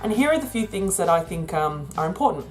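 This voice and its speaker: A woman's voice: fairly low pitch, big pitch swings, quick pace, soft background music. A woman talking through a rambling, casual vlog about her business, laughing often. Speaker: vlogger and virtual assistant business owner.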